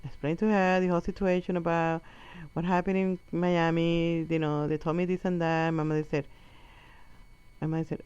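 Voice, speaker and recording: A woman from Colombia doing stand-up, telling a story in a profane, animated way and acting out the people in it. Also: lowish voice, moderate pace, clear, resonant tone. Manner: animated, profane, acts out quotes. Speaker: stand-up comedian. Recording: dull lo-fi recording.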